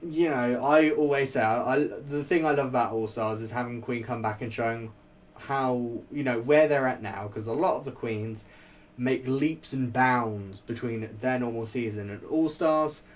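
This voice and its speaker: A man chats through his thoughts in a loose, rambling way, leaning on fillers and breaking into little laughs. His voice sits at an ordinary middle pitch. The mic is set slightly away from him, so he sounds a touch distant. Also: moderate pace. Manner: chatty, rambling, laughs often, many fillers. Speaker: vlogger reviewing a TV show. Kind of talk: casual spoken review.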